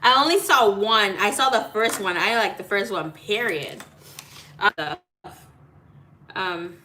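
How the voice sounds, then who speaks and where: A woman with a bright, forward voice chats loosely with her live audience as a tarot reader. She greets viewers one after another, swears offhandedly and drops in Spanish hellos. A faint hiss of noise sits under her phone recording. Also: mid-range voice, slow pace. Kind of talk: casual live-stream chat.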